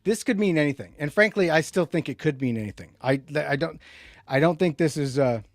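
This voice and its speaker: A man hosting a casual tech livestream. He rambles and restarts a lot, jumping between loud emphatic bursts and low muttered asides. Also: lively intonation, a little fast, no room sound. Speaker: livestream host.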